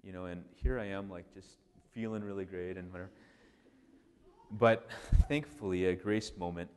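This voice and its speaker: A man, a priest, giving a casual, animated storytelling talk full of restarts and "like". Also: deep voice, moderate pace, clean tone. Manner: animated, conversational, many restarts and "like". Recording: long hall reverb.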